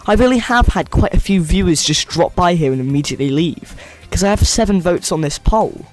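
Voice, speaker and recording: A man's voice: sits high, animated, a little fast, faint music behind. A young American man streaming a game-building session, chatting with viewers in a rambling, playful way. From United States. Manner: rambling and playful, reads chat aloud. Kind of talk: casual chat with live viewers.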